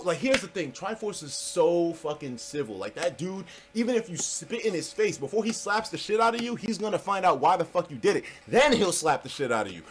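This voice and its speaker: A man's voice: high voice, sing-song, brisk, hardly any pauses. A man telling a story on his vlog in an emphatic, profane and heated way. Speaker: vlogger.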